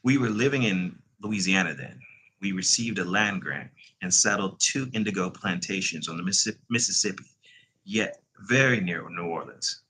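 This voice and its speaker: A man voicing a composed, centuries-old male vampire, in a measured and unhurried read-aloud manner. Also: deep voice, expressive, sharp tone, slight background noise, low-quality recording. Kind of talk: reading a novel aloud.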